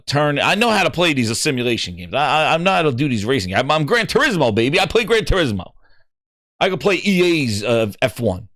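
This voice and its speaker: A middle-aged man hosting a gaming show, telling an excitable story and acting out what other people said. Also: medium pitch, no room sound, clean studio sound. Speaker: gaming podcast host. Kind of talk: animated storytelling.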